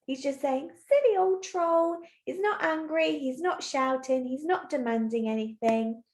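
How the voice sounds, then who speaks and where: A woman teacher giving a recorded lesson to young children, explaining clearly and patiently step by step. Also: high voice, moderate pace. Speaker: primary school teacher. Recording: roomy echo.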